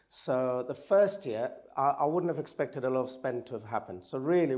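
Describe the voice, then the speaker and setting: A man with a croaky, hoarse voice from a cold, giving a conference presentation and joking with the audience. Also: mid-range voice, darkish tone. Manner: jokey, talks to the audience directly. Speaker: event speaker.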